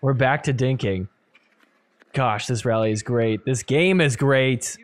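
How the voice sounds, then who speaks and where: A man hosting a podcast, giving animated play-by-play commentary over match replays and laughing often. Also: mid-range voice, unhurried, no echo. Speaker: podcast host. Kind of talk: excited sports recap commentary.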